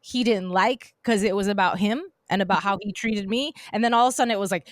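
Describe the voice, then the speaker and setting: A woman's voice: medium pitch, fast talker, few pauses, no echo, studio quality. A woman co-hosting a podcast, telling a long personal story in a chatty, rambling way with many restarts. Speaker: podcast co-host. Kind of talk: casual chat.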